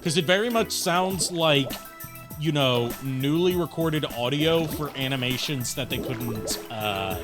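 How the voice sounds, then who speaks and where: A man's voice: a little high, measured pace. An American man chatting casually while streaming a game, rambling with fillers and casual swearing. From United States. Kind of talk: casual gaming stream chat. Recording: game music behind.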